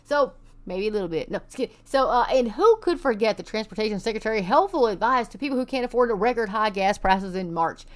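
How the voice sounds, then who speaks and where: A woman's voice: mid-range voice, expressive, quick pace. A woman from Texas hosting an online commentary show, reading news articles aloud and adding sarcastic, scoffing asides.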